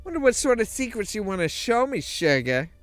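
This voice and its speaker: A man's voice: high voice, sing-song, a little fast, no room sound, faint music behind. A man doing a teasing Jersey gal. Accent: put-on New Jersey.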